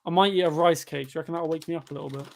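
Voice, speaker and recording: Young man, slightly higher voice, tired, chatty, sudden shouts at chances, live football watchalong. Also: racing, vocal fry. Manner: chatty, bursts of excitement at the game. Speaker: livestreamer reading chat during a match.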